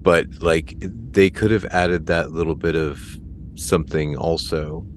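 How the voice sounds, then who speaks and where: A man chatting casually on a podcast, musing out loud, hesitant, often laughing and trailing off mid-thought. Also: extremely low pitch, fairly even intonation, unhurried, slight background noise. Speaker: podcast guest.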